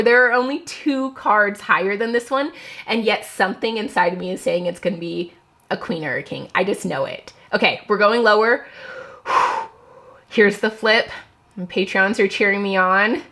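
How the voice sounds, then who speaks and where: A young adult woman book vlogger chatting casually at home, excitable and nervous as she plays a card game. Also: medium pitch, moderate pace. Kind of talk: casual vlog chat.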